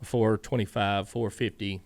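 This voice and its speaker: A man's voice: on the low side, measured pace, no room sound, clean studio sound. A man, a guest in a casual interview, telling stories and acting out what other people said. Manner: animated, acts out other people's lines.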